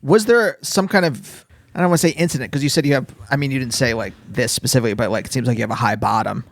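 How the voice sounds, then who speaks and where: A man's voice: mid-range voice, quick pace, dry recording, studio quality. A man hosting a podcast, asking questions in a hesitant, hedging way. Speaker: podcast host. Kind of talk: conversational interview.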